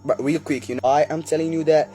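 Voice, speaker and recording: A man casually telling a horror story, chatting directly to his listeners with quick recaps and asides. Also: fairly high pitch, steady tone, warm tone, faint music behind.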